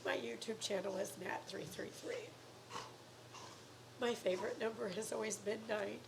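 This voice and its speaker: Woman, emotional on-camera appeal, earnest and pleading, near tears; fry in the voice, faint noise behind. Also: medium pitch, fairly even intonation, normal speed. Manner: earnest, pleading, drops to soft whispery words. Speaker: YouTuber asking for donations. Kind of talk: emotional personal appeal to viewers.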